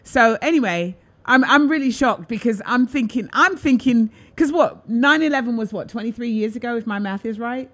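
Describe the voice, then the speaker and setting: A woman hosting a talk show, chatting casually and telling an animated story, acting out what people said. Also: a little high, moderate pace, hardly any pauses. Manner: animated, acts out quotes in lively voices. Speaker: host.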